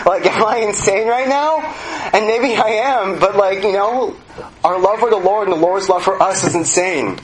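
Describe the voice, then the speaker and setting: A man's voice: high voice, normal speed. Earnest young man giving church testimony. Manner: earnest, chatty, many fillers. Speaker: church member sharing testimony. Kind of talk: personal testimony. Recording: noisy background.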